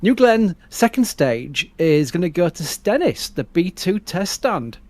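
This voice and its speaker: A man with a northern English accent, co-hosting a live launch stream in a chatty, rambling way, quick to laugh. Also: sits high, sing-song, darkish tone, dry recording. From northern England. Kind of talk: casual live-stream commentary.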